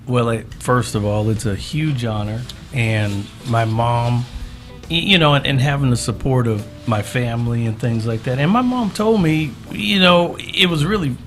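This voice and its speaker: A man's voice: medium pitch, moderate pace, faint music behind. A man in his fifties from Southern California, a guest in a casual interview, telling stories and acting out the voices of the people in them. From Southern California, USA. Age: 50s. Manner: animated storyteller, acts out quoted voices.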